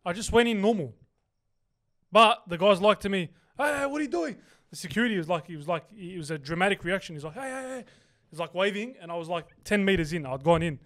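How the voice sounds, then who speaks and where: Young man, teasing banter, casual podcast chat, fairly high voice. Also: fast, a bit bright. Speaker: podcast co-host.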